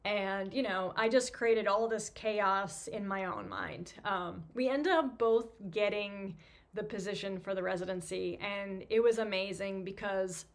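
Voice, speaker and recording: A woman's voice: mid-range voice, fairly even intonation, unhurried. A woman, hosting a podcast and casually telling a story about her career, chatty and self-deprecating with lots of fillers. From New York. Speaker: podcast host, physical therapist.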